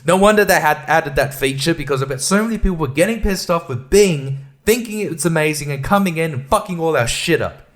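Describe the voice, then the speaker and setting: A man's voice: a little high, expressive, brisk, hardly any pauses, fairly bright tone. Profane ranting male podcaster. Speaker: podcast host. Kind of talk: casual ranting monologue.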